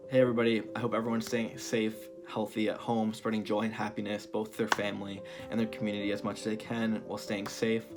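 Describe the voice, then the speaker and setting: Low, steady young man over guitar. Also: fast talker, few pauses. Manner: upbeat, friendly greeting. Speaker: college student giving a tribute. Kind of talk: recorded tribute. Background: guitar music.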